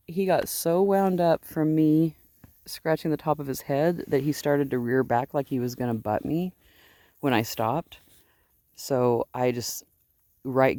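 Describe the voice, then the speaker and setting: A woman's voice: extremely low pitch, mellow, no room sound, studio quality. A woman sheep farmer rambling casually on an outdoor farm vlog, chatty and fond. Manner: rambling, chatty, baby-talks to her sheep. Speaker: sheep farmer and video host.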